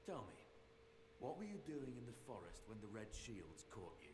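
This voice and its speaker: A mocking, menacing jailer in a video game. The voice sits low and deep. It carries a steady sneer over clear ambient background noise. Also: male voice, moderate pace, roomy sound. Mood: contemptuous. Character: gruff male jailer taunting a prisoner.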